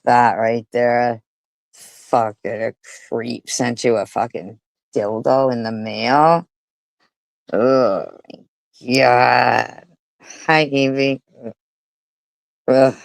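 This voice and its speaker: Woman streamer, slow scornful commentary, crude mouth, dry close sound. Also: extremely low pitch, fairly even intonation, gravelly, no echo, low-quality recording. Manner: profane, mocking, disgusted. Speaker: livestream host. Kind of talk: casual livestream commentary.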